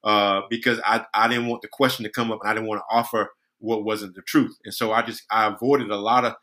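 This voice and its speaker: A man's voice: lowish voice, level tone, brisk, sharp tone. A man on a podcast, reflecting and telling a personal story in casual chat, often restarting his sentences. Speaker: podcast co-host.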